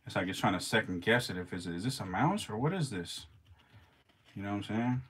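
Excitable swearing man filming his snakes. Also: on the low side, brisk, husky. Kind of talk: casual vlog commentary.

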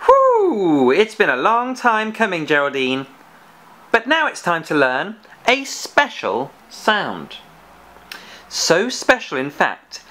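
A man hosting a children's phonics lesson with a puppet, encouraging and praising as he sounds out letters slowly and clearly. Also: a little high, sharp tone. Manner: encouraging, praising and playfully scolding; slow and exaggerated, sounding out letters. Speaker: phonics teacher and host.

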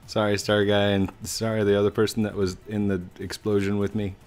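A young man hosting a game channel, reacting excitably and laughing often while he plays. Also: on the low side, brisk. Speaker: gamer, channel host. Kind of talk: casual gameplay chat.

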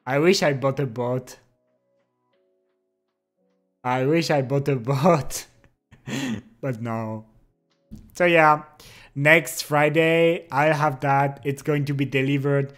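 A young man chatting casually with his stream chat, relaxed and giggly. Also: medium pitch, takes it slowly, long pauses, faint music behind. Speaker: livestreamer. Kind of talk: casual chat reading and answering viewer chat.

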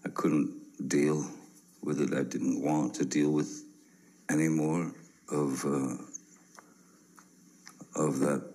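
50s guy testifying in court, really low voice, slow and halting, lots of pauses. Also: flat delivery, a little mellow, poor audio. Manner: halting, many pauses and restarts.

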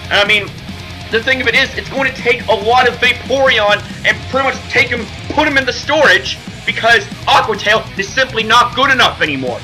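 A man delivering a manic, swearing rant about a game, stammering over his words and breaking into shouted outbursts as an over-the-top raging persona. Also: very high-pitched, brisk, over music, rough recording. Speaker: YouTuber host. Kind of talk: ranting gaming commentary.

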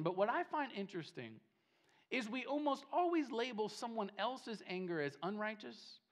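A man's voice: high voice, a bit bright. Male pastor, sermon in a church; emphatic, repetitive, rising and falling delivery. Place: church sanctuary.

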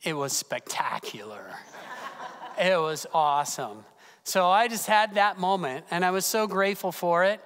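High-voiced pastor in reverberant church. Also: male voice, normal speed, faint music behind. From California. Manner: animated, personal storytelling with gasps and fillers. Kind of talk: storytelling sermon. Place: church sanctuary. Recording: long hall reverb.

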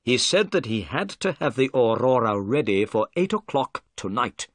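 A man reading a confident, commanding detective, brisk and assured in a storybook reading. The pitch moves in a lively way while staying close to the reader's own register. The sound is close and dry, with no room around it. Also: dry recording.

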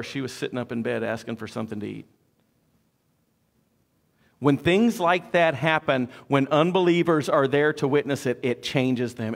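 Man, pastor, sermon, gravelly fry in the voice, chatty storyteller, quips. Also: on the high side. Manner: conversational, storytelling with joking asides.

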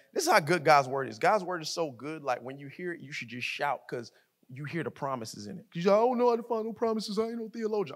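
A man preaching a sermon as co-pastor, in a colloquial way that repeats words, often building to shouts. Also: sits high. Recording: long hall reverb.

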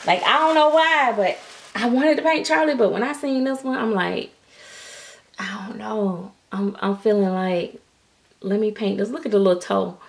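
A woman reviewing doll kits in a casual vlog, gushing with frequent excited exclamations and using Southern vernacular like "y'all". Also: medium pitch, normal speed, vocal fry. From United States.

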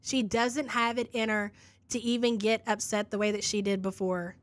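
A woman's voice: medium pitch, little pitch movement, moderate pace, slight background noise. A woman hosting a live reaction podcast, reading chat messages and making sarcastic remarks. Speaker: commentary podcast host.

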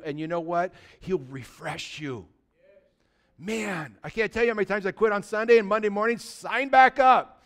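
A man's voice: sits high, moderate pace, fairly bright tone. A male pastor, preaching a conversational sermon and calling out to his congregation. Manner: exhorting, conversational, calls out to congregation.

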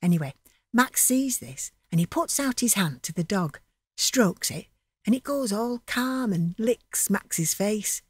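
A woman's voice: medium pitch, animated, unhurried, husky, no room sound. Chatty woman telling a story. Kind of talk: dramatic monologue narration.

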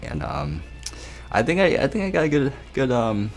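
A man's voice: mid-range voice, wildly swooping pitch, moderate pace, gravelly, soft background music. A young man giving a casual anime episode review, rambling, laughing and swearing as he retells scenes.

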